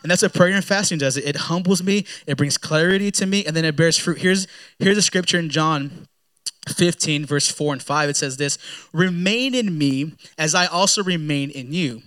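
A man preaching to his congregation in a loose, talky style, his voice sitting fairly high for a man. He stumbles over and repeats words as he goes, and slips into acted-out prayers mid-thought. It sounds like a father speaking plainly rather than reading a script. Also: brisk, fairly bright tone, clear, resonant tone. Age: young adult to middle-aged, a father. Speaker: pastor. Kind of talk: sermon.

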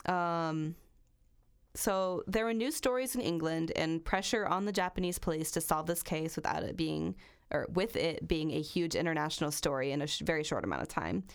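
Casual low-voiced woman reading true crime. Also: normal speed, smooth. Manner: casual, swears freely. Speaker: podcast host. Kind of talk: true crime podcast chat, reading a passage aloud.

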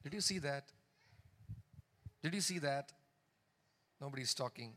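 A man's voice: mid-range voice, a little slow, sharp tone. A man preaching a sermon, reading scripture aloud and stopping to comment, with emphatic repeated lines and call-and-response to the congregation. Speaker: pastor.

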